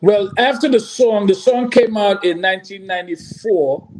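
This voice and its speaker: High-voiced man telling studio stories. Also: normal speed, slight background noise, poor audio. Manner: animated, repeats words, breaks into sung hooks. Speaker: guest musician. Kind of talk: storytelling interview.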